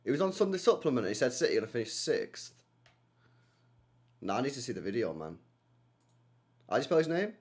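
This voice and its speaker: A young man talks loosely on a live stream, his pitch swinging up and down as he reacts. He sits at a middle pitch, throws tag questions onto nearly every sentence and repeats his points in a slangy, chatty flow. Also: big pitch swings, a little fast, long pauses. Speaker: streamer hosting a football watchalong. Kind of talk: casual livestream chat, reading and answering viewer comments.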